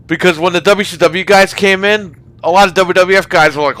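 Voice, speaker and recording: A man with a somewhat high, bright voice rants on a casual gaming party chat. He curses freely and keeps asking if you know what he means. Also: moderate pace, hardly any pauses. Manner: profane, ranting about wrestling. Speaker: podcast host.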